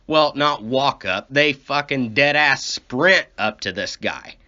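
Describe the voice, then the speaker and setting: A man's voice: mid-range voice, animated, slow pace, pushed and bright. A man telling a rambling, profane comic story and complaining as he goes. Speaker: comedy podcast host. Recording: dull lo-fi recording.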